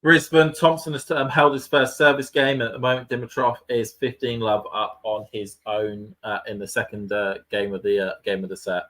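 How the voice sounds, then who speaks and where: A man's voice: fairly low pitch, flat delivery, moderate pace, hardly any pauses, a bit bright. A British man co-hosting a casual tennis watchalong, chatting loosely with plenty of fillers. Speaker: podcast co-host. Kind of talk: casual live watchalong chat.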